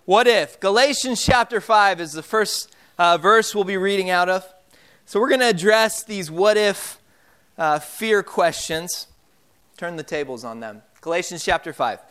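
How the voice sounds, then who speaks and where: A man's voice: high-pitched, measured pace, bright, forceful tone, clean tone. A young man preaching a sermon as pastor, telling family stories in a casual way with many fillers. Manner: casual storytelling with frequent fillers.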